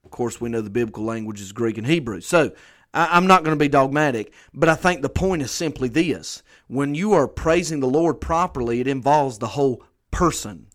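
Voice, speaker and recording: A pastor delivering a conversational sermon, earnest and repeating phrases for emphasis. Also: male voice, medium pitch, expressive, a little fast.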